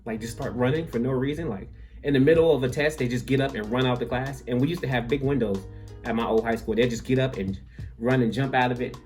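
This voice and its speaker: A young man telling a comic story from his school days, full of "like" and quick asides. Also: medium pitch, faint music behind. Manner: animated, filler-heavy, lots of "like". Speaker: vlogger.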